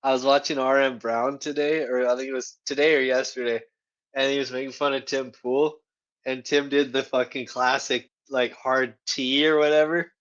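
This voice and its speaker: A man co-hosting, chatting casually and telling stories in an animated way, swearing as he goes. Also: mid-range voice, normal speed, dull audio. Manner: animated storytelling, laughs, swears. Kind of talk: casual profane chat.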